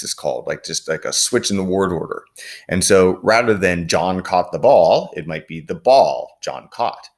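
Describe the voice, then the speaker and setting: A man teaching a lesson, explaining patiently with frequent fillers and reading quoted lines aloud. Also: low-pitched. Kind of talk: recorded classroom lecture.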